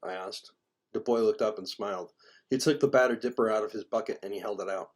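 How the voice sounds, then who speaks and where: A man's voice: lowish voice, brisk. A man reading his own fantasy story aloud in the first person, with small stumbles and restarts.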